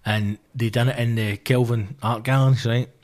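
A man in his thirties with a Glaswegian accent, a comedian swearing his way through an animated anecdote in casual podcast chat. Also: medium pitch, normal speed. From Scotland. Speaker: stand-up comedian guest.

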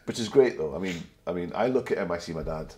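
Deep-voiced man with a soft Glasgow accent. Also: animated, fast. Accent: gentle Glasgow, slightly anglicised. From Glasgow, Scotland. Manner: chatty anecdotal storyteller. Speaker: guest. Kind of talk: casual interview chat.

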